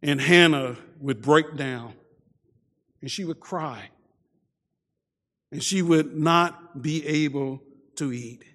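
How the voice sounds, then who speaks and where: Slow, high-voiced male preacher. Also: in a large hall. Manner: repeats words at starts, soft dramatic drops. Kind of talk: sermon.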